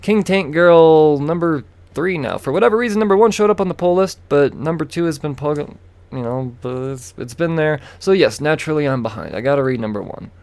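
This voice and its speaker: On a casual solo podcast about comic books, a man hosts in a fairly high, lively voice that runs a little fast and sounds a bit mellow. He rambles and chats, repeating himself, breaking off into asides, and leaning on fillers.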